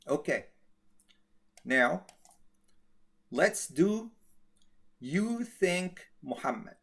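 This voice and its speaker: Male teacher, slow, patient, checks understanding often. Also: mid-range voice, animated, fairly bright tone. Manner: slow, repetitive, checks with "okay?". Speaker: Arabic grammar teacher. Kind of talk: classroom grammar lesson.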